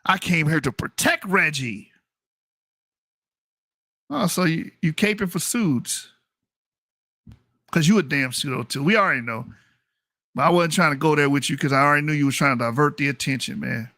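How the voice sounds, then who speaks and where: High, bright-voiced man ranting bluntly. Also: a little fast, dry recording, clean studio sound. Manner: blunt, mocking and profane. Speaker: channel host. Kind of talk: ranting commentary reacting to DNA results.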